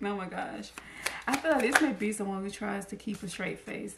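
A woman's voice: a little high, slow, gravelly, pauses often. A woman giving a casual tarot reading to camera. She chats, laughs often and acts out the cards' messages. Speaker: tarot card reader. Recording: echoey room, faint noise.

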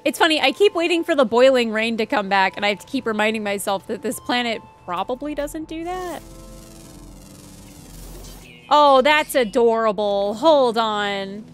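A chatty young woman streams a game, her voice sitting a bit high. She rambles through anecdotes with plenty of fillers and easy asides. Faint game music plays softly behind her. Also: lively intonation, moderate pace. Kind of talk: casual gameplay chat.

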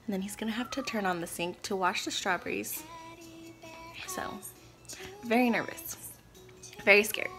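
A woman chatting to camera in a casual vlog, nervous and giggly as she lays out a prank, at times dropping to a whisper. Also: medium pitch. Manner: nervous, giggly, talking fast about a plan; whispering quietly. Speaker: vlogger.

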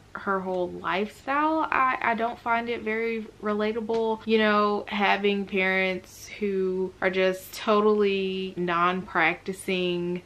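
Chatty, slangy woman book vlogger. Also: mid-range voice. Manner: chatty, slangy and animated, with frequent laughs. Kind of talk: casual chatty book review.

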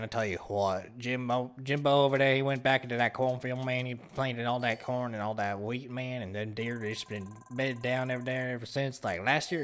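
A man's voice: medium pitch, a bit bright, lightly acted. A man putting on a drawling southern good ol' boy. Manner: drawling, rambling tall tale with "man" and "I tell you what".

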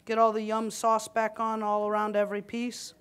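A woman's voice: a little high, monotone, moderate pace, smooth. A woman giving a live cooking demonstration at a conference, chatty and joking with the audience as she cooks, a little winded. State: slightly winded. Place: conference hall kitchen stage.

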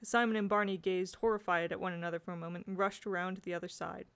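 A woman's voice: lowish voice, fairly even intonation, fast, a bit bright, smooth. Woman narrating a storybook, unpolished amateur reading. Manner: unpolished, occasional slips and restarts. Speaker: audiobook reader.

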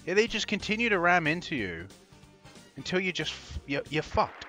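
A man giving excitable, foul-mouthed gameplay commentary as host of a gaming video. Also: sits high, moderate pace, muffled recording, soft background music. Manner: excitable, swears constantly, laughs often.

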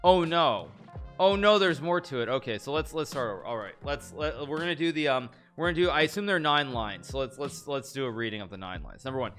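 A man reacting to chess memes on a live stream, chatty and quick to laugh, often stopping and restarting his sentences. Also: medium pitch, lively intonation, a bit bright, soft background music. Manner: chatty, self-interrupting, laughs often, reads lines aloud in a mock-romantic tone. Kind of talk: casual live-stream commentary.

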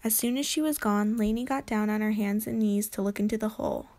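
A woman narrating a children's chapter book aloud in a gentle, clear storytelling manner. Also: mid-range voice, big pitch swings, brisk.

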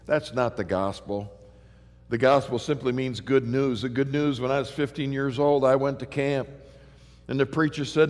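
Man, middle-aged pastor, lively storytelling sermon, fillers and restarts, long reverb of a big church hall. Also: medium pitch, moderate pace.

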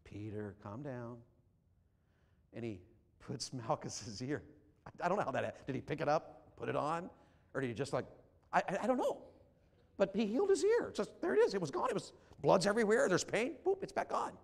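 A man preaching a revival sermon as an evangelist, swinging from shouts to hushed tones. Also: high voice, sing-song, a little fast, gravelly. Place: large church sanctuary. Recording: long hall reverb in a church.

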